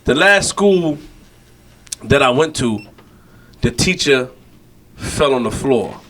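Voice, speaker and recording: A man's voice: mid-range voice, lively intonation, slow pace, fairly bright tone, slight background noise. A young man hosting a podcast, telling a story casually and acting out the quotes, swearing freely. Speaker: podcast host.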